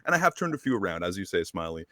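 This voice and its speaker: A man with a Canadian accent talking casually on a streamer panel, rapid and self-deprecating. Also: low voice, big pitch swings, fairly bright tone, dry recording, clean studio sound.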